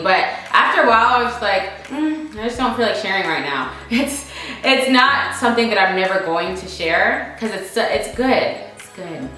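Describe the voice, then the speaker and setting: Bright and forceful, this medium-pitched voice belongs to a young American vlogger chatting casually through viewer questions and emphatically repeating herself for stress. She's far from the mic, in a very echoey room with faint music behind her.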